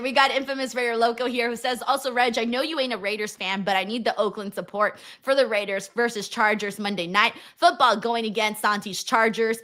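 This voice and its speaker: Young female co-host, bright and a touch high, playful, laughs a lot, swears casually. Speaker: co-host of a wrestling watchalong stream. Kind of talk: casual chat.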